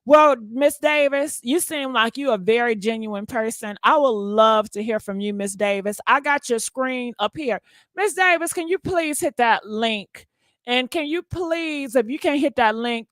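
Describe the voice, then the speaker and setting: A woman's voice: on the high side, fairly bright tone, no echo. A woman hosting a live gossip stream who exclaims a lot and talks straight to her viewers. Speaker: gossip channel host.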